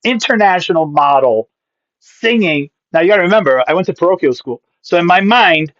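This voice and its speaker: A man in his fifties with a slightly high voice tells a comic story as a podcast guest, punchy and full of quick asides. His voice comes through a dull, lo-fi recording. The sound is dry, with no room around it. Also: animated, fairly bright tone, no echo. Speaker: guest, pastor and comedian.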